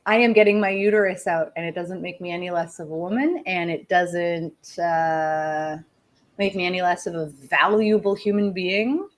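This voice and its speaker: A woman's voice: fairly low pitch, normal speed. Profane, fired-up woman radio host. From outside the United States. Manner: swearing, fired-up ranting. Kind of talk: casual talk-radio monologue. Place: home studio, smoking while on air.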